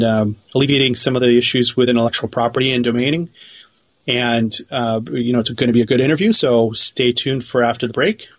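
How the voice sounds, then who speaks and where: A man's voice: medium pitch, fairly bright tone. Guy guest-hosting a radio show, lots of uhs, music in the background. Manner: loose, with frequent uh fillers. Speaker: guest host.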